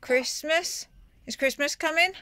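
A woman gently and playfully coaxing her small daughter through a bedtime chat. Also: high-pitched, a little slow, background noise. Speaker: mother filming with her daughter.

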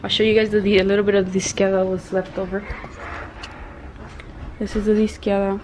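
A woman's voice: mid-range voice, little pitch movement, fairly quick, a little mellow. A woman and mother chatting casually to the camera in a home vlog, coaxing her child to talk to the viewers. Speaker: mother and family vlogger. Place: at home, indoors. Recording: noisy home video recording.

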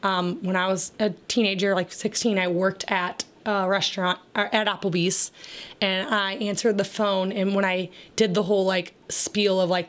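A woman with a naturally raspy, gravelly voice, chatting casually to camera as a video host in a rambling way full of fillers. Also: medium pitch, fairly even intonation, moderate pace. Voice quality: raspy, gravelly voice that viewers mistake for a damaged throat. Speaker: YouTube host.

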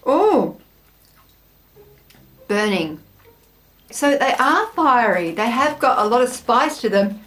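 A woman's voice: on the high side, animated, normal speed, pushed and bright. An Australian woman hosting a snack taste-test vlog, chatting to camera in a bubbly, self-mocking way. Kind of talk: casual chat to camera.

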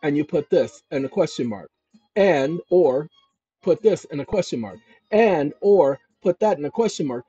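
A man hosting his own channel, walking viewers through legal paperwork on his screen in an emphatic way, often calling them "ladies and gentlemen" and checking in with "okay?". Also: a little high, lively intonation, normal speed, husky. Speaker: channel host giving legal advice. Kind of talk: instructional screen-share talk. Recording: dull lo-fi recording.

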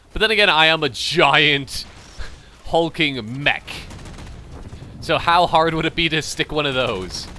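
A man's voice: a little high, sharp tone, a little hiss or hum. A young man with a light Canadian accent, rambling chattily as he comments on his own gameplay. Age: young adult. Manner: rambling, chatty, thinking aloud. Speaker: gamer commentator.

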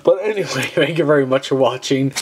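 A young man chatting excitedly through a card-pack opening, jumping to high exclamations and giggling. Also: brisk, a little hiss or hum. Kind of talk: excited casual commentary.

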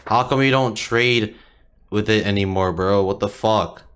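A young gaming streamer gives casual gameplay commentary in a lowish, smooth voice at a measured pace. He is frustrated, swears a lot, and swings into loud outbursts.

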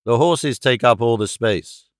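A man voicing a curt country innkeeper who speaks in a measured, cold and firm way. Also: medium pitch, no room sound, studio quality, close to an everyday voice.

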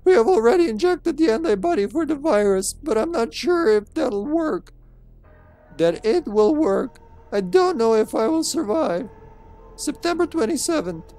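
A man's voice: very high-pitched, lively intonation, normal speed, darkish tone, soft background music, voice pushed up. A man voicing a frightened teenage soldier reading his diary entries in a dramatic, strained way. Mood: desperate.

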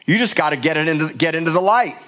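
A man's voice: a little high, expressive, quick pace, fairly bright tone. A middle-aged male pastor preaching a sermon in a church, emphatic and passionate, often repeating words for force. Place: church sanctuary.

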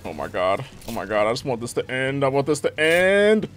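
A young man giving lively gameplay commentary, talking to the game characters with frequent exclamations. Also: mid-range voice, brisk. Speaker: gaming YouTuber.

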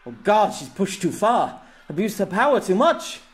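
A man voicing a desperate young male adventurer who shouts in alarm. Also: high-pitched, big pitch swings, moderate pace, voice pushed up. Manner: shouting, urgent.

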